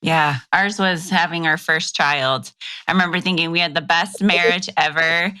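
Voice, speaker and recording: A woman's voice: lowish voice, steady tone, normal speed, sharp tone, clear, resonant tone, dry recording. A woman co-hosting a podcast who shares her own experience candidly in a conversational way. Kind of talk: casual interview.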